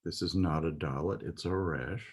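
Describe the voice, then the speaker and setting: A man's voice: low-pitched, normal speed, husky. A man teaching a Biblical Hebrew lesson, explaining letters methodically with occasional fillers. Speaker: Bible language teacher.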